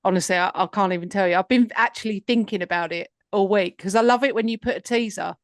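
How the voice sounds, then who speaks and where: A woman in casual podcast chat, agreeable and encouraging. Her voice sits at a middle pitch, and the recording is close and dry. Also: quick pace, dry recording. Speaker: podcast co-host.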